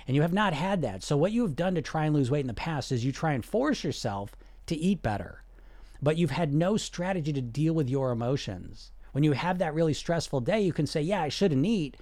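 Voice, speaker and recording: Male coach, mid-pitched, earnest and reassuring direct address, dry close sound. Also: a little mellow, no echo. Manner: earnest, reassuring, speaks straight to the listener. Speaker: weight-loss coach. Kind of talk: direct-to-listener coaching talk.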